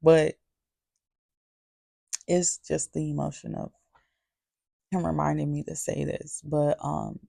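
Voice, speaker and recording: A woman's voice: low-pitched, level tone, takes it slowly, gravelly, long pauses, mellow, no room sound, clean studio sound. A woman vlogger giving a candid, confessional testimony to camera, earnest and repeating her phrases for emphasis. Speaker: faith vlogger.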